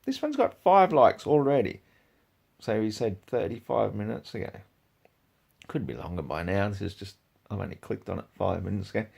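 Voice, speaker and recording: A man's voice: fairly low pitch, sing-song, moderate pace, gravelly, a little mellow, breathy edge. Profane ranting man. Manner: profane, heated, swings between mutters and outbursts. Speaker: video creator. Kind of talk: angry ranting commentary.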